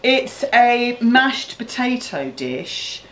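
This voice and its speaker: A woman's voice: fairly high pitch, sing-song, extremely slow, a bit bright, roomy sound, rough recording. A woman hosting a home cookery video in her kitchen, chatty and playful, teasing herself and her partner. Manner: chatty, playful, self-mocking. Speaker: cookery host. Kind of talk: casual cooking show chat.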